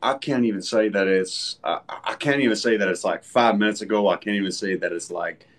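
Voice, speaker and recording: A man's voice: lowish voice, a little fast. A man voice actor on a panel, teasing and playful in his interjections. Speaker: voice actor, guest. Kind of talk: casual panel chat.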